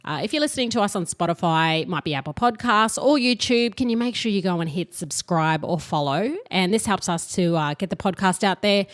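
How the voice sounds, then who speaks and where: A woman co-hosting a casual podcast, husky and hoarse from being sick, bantering bluntly. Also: lowish voice, expressive, fairly quick, hardly any pauses, dry recording, clean studio sound. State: hoarse from illness. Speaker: podcast co-host. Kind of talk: casual chat.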